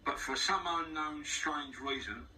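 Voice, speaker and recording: A man's voice: a little high, a little slow, sharp tone, far from the mic, slight background noise, rough recording. Rambling man with a London accent. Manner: rambling, frank, with frequent restarts and swearing. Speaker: interview guest. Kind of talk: casual spoken monologue. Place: studio. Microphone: wearing headphones.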